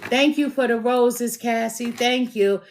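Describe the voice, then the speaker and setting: A woman tarot reader chatting casually with viewers on a live stream, slangy and quick to laugh. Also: on the high side, steady tone, slight background noise.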